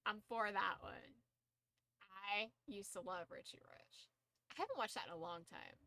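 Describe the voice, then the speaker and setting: Dry, bright-voiced swearing woman streamer. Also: mid-range voice, animated, moderate pace, no echo. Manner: swears freely, laughs often, shrieks in disbelief. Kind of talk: casual live-stream chat.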